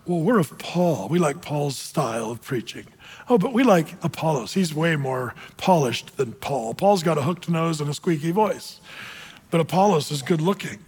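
A man's voice: fairly high pitch, expressive, moderate pace, a little mellow, slightly rough, big-room sound, pitched below the performer's own voice. A man voicing smug, bickering church members arguing over favorite preachers.

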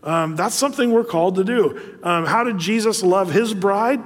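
A man's voice: high-pitched, normal speed, long reverb tail. A middle-aged man preaching a sermon as a pastor, talking in a loose, conversational way with many fillers and asides.

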